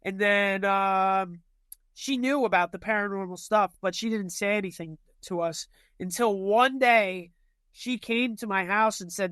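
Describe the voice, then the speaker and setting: Young guy rambling thru spooky stories, high clear voice, dry close sound. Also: normal speed, a bit bright, no echo. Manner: rambling, filler-heavy storytelling. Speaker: guest telling ghost stories. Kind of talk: casual chat.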